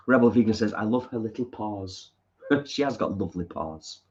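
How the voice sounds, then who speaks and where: Northern English male co-host, lower voice, relaxed home live-stream chat, muffled audio. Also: normal speed. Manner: reads viewer comments aloud and replies. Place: home lounge.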